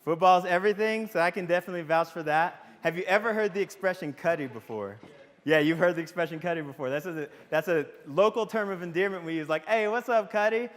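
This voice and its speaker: A man's voice: on the high side, fast. A man from giving a casual, jokey convocation talk to students, telling stories and asking the audience questions. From Waco, Texas. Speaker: psychology professor. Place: large hall with audience. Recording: long hall reverb.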